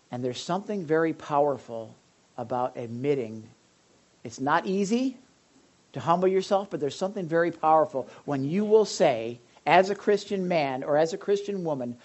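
A man preaching a conversational sermon to his congregation, lively and direct, with frequent asides and questions to his listeners. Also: on the high side, normal speed. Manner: animated, addresses the audience directly, frequent asides. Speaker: pastor.

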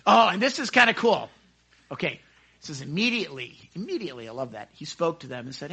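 An excitable man leads a casual Bible study, talking into a microphone in a high, bright voice. His pitch swings widely as he chats, and he keeps acting out the scenes he describes. The teaching is loose and enthusiastic. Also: fairly quick, creaky, breathy edge. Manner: excitable, chatty, acts out scenes. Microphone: handheld microphone.

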